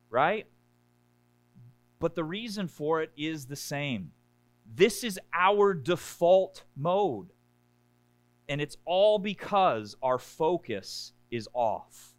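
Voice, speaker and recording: This time the pastor's sing-song delivery is slow and full of pauses, captured in a dry recording. Preaching conversationally, the man checks in with his congregation by saying "right?" and acts out complaining voices in a high, whiny tone.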